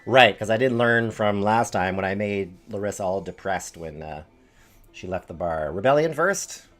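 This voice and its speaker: A man's voice: lowish voice, lively intonation, moderate pace, a bit bright. A man live-streaming a story game, chatting and thinking aloud with fillers as he decides what to do. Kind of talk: casual live-stream commentary.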